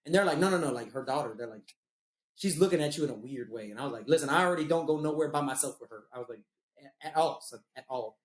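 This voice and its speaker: Fast-talking man, profane storyteller, roomy sound. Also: medium pitch, lively intonation. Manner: loose, profane, laughs at his own stories. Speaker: podcast host. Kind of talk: casual storytelling chat.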